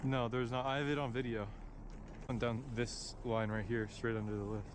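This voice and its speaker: A man's voice: medium pitch, little pitch movement, normal speed. A young man casually vlogging outdoors on a snowy mountain, grumbling and swearing as he hikes uphill, recorded on a body-worn camera. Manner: grumbling, swears, talking while hiking uphill. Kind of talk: casual vlog commentary. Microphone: body-worn action camera. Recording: wind noise outdoors.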